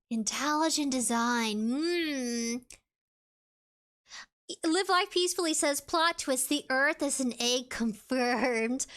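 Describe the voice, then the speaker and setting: The voice belongs to a woman VTuber and sits high with a bit of brightness. She chats casually with her viewers, reading chat messages and game text aloud in a playful, meandering style.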